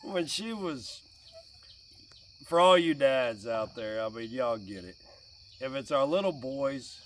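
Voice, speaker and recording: A middle-aged man telling stories about family life in a casual, animated way, often laughing, sitting outdoors by a fire. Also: medium pitch, slow pace. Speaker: vlogger and dad. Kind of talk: casual fireside storytelling. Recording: distant mic outdoors, faint crickets. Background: faint crickets and outdoor ambience.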